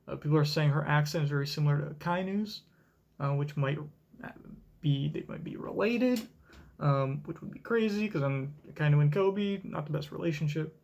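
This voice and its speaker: A young man streaming a live manga reaction, reading aloud and thinking out loud in an excitable, swearing way. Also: on the high side, gravelly.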